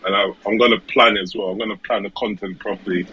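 A man's voice: lowish voice, steady tone, fast, bright, forceful tone, dull audio, a little hiss or hum. A British man chatting casually as a podcast guest, repeating words and laughing easily. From United Kingdom. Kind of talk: casual chat.

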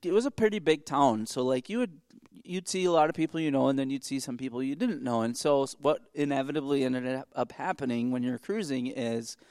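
A man's voice: mid-range voice, a little fast, darkish tone, dry recording, clean studio sound. A middle-aged man, co-hosting a podcast and telling a long story in casual chat, with many restarts and asides. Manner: rambling, self-interrupting storyteller. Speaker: podcast co-host.

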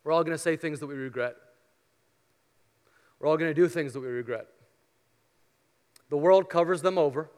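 A male pastor preaching a sermon, telling a story earnestly and then leading a soft prayer. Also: a little high, clear, resonant tone. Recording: long hall reverb.

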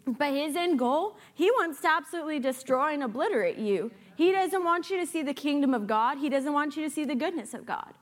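A woman with a high voice preaches a sermon with lots of energy. She moves between earnest urging and playful, sarcastic asides. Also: expressive, a little fast, hardly any pauses. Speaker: guest preacher.

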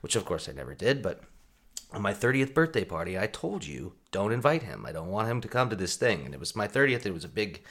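Casting: deep-voiced male podcast co-host, 30s, animated storyteller who laughs a lot. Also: quick pace. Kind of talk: casual storytelling chat.

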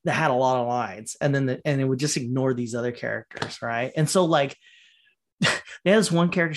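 A man ranting casually on a solo podcast, rambling and profane, laughing often and mocking characters in quoted voices. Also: medium pitch.

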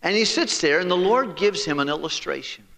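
A man's voice: high voice, a little fast, creaky, big-room sound. A man preaching a storytelling sermon, folksy and joking, acting out the story's dialogue. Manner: animated, acts out the dialogue of the story.

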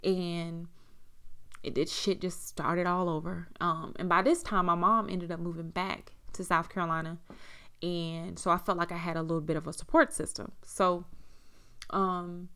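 A woman's voice: on the low side, flat delivery, normal speed, bright, forceful tone, smooth. A young woman candidly telling a personal story in a casual way, swearing freely and using lots of fillers. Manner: frank, casual, swears freely, many "like" and "you know" fillers. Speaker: storyteller recounting personal experience.

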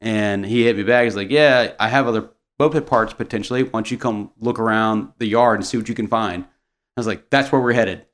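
A young adult man telling a rambling, animated story in casual chat, swearing and laughing often. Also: lowish voice, brisk.

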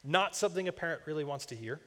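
A man's voice: a little high, lively intonation, fast talker, a bit bright. Young man preaching in a reverberant church. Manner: conversational, personal storytelling with asides. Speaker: campus minister preaching. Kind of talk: sermon. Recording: long reverb of a large church hall.

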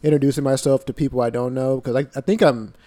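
A man's voice: mid-range voice, fairly even intonation, fast, warm tone. A young man co-hosting a podcast, laid-back and hesitant, often restarting his sentences. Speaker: podcast co-host. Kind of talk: casual podcast chat.

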